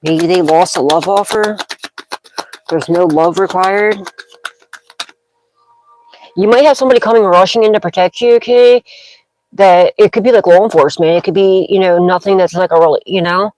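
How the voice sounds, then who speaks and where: A woman's voice: lowish voice, fairly even intonation, moderate pace, long pauses, a little mellow, no echo, poor audio. A woman doing a tarot card reading, rambling from card to card and checking in with "okay?" as she makes dramatic intuitive pronouncements. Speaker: tarot reader.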